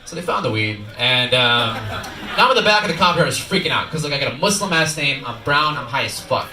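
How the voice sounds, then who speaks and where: A young adult man performing a stand-up comedy set on a club stage, telling a story in a lively, animated way with quick swings in his voice. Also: medium pitch. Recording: echoey club, voice from far off, loud crowd noise. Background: audience laughter.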